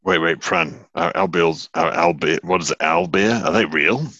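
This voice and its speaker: A man's voice: low voice, moderate pace, sharp tone, dry recording. A man chatting as a player in a tabletop game, making skeptical, joking quips. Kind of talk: casual game banter. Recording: dull lo-fi mic.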